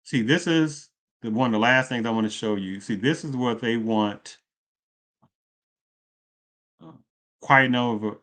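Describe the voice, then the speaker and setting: This man's voice is lowish with a fairly bright tone as he rambles through his political opinions for a video. He throws out rhetorical questions and keeps revising what he just said.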